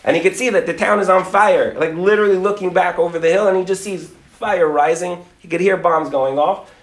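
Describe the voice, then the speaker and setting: Rabbi telling a story with voices; high-pitched man, room echo. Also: fairly even intonation, brisk. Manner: acts out characters' voices, Yiddish and Hebrew words, laughs. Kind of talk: animated storytelling talk.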